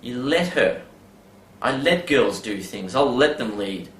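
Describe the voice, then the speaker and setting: A man's voice: mid-range voice, animated, takes it slowly, fairly bright tone, slight background noise. A man giving a casual advice monologue, rambling with many fillers and tag questions. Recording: roomy with faint background ambience.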